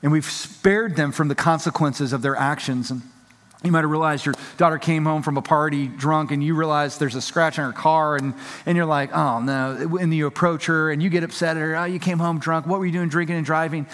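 A man's voice: a little high, fairly even intonation, a little fast, fairly bright tone. A man preaching a sermon in a conversational, emphatic way, acting out quotes and often restarting his sentences. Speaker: pastor. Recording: long reverb of a large hall.

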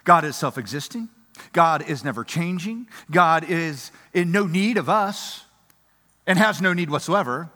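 High-voiced preacher in an echoing hall. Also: male voice, a little slow. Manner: animated, emphatic, swings between loud and hushed. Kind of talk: sermon. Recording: reverberant hall.

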